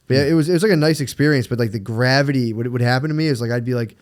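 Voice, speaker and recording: A man's voice: mid-range voice, fairly even intonation, very fast, hardly any pauses, darkish tone. A man in his thirties co-hosting a podcast, chatting in a laid-back way, swearing often, laughing and reading out listener questions. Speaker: podcast co-host. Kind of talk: casual chat.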